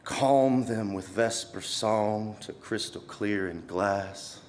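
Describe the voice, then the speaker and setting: Young male student poet, low register, faint hiss behind; casual asides, dramatic swells in the verse. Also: slow pace, darkish tone. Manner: casual between poems, swells dramatically while reciting. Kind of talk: live poetry reading.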